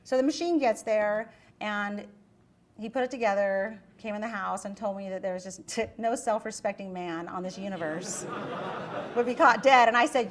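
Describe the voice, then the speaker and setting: A middle-aged woman giving a university lecture, telling a chatty story in an animated way and acting out the quoted voices. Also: medium pitch, normal speed. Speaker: guest lecturer.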